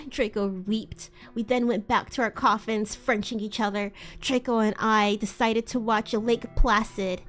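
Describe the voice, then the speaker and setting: A woman's voice: a little high, steady tone, a little slow, few pauses, faint music behind. A young woman streamer giving a dramatic, mocking live reading, with the odd stumble over words.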